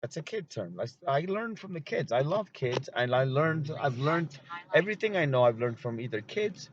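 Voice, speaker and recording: A man's voice: medium pitch, very animated, moderate pace. A man in a casual vlog, rambling and swearing often, trailing off and restarting his sentences, recorded on a phone outdoors. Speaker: vlogger. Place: outdoors with his wife and dog. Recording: slightly dull lo-fi sound with faint noise.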